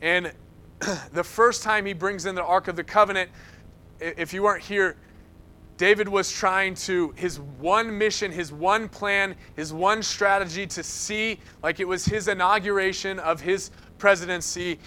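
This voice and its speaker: A man preaching a sermon, telling stories in an animated way and acting out the quoted lines. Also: high-pitched, a little slow, slight background noise. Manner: animated storytelling, acts out quotes.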